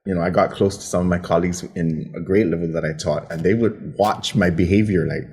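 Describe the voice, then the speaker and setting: A man's voice: fairly quick, slightly rough. A man in his forties from Guam, co-hosting a casual podcast roundtable and telling stories with lots of acted-out quotes. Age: 40s. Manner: animated storyteller, acts out quotes in a high voice. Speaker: podcast co-host.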